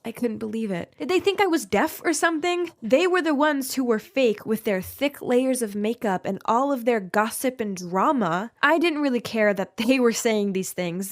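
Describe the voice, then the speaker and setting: A young woman tells a scripted first-person story with a fairly high voice. She reads the quoted people in her own voice with only small shifts. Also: lively intonation, normal speed, hardly any pauses. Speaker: story narrator.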